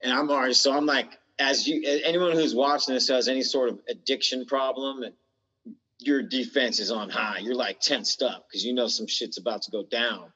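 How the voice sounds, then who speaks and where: A man's voice: medium pitch, steady tone, normal speed, bright, forceful tone, husky. A man from the United States, a podcast guest in recovery, telling his story candidly in blunt, slangy talk that swears freely. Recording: dull lo-fi sound with long reverb.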